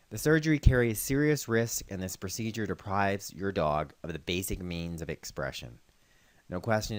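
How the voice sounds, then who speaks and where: A man working as a veterinarian host, explaining dog training in a calm, instructional way. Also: sits low, dry recording. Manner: calm instructional, calling dogs loudly and praising them. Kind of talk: scripted narration with outdoor demonstration.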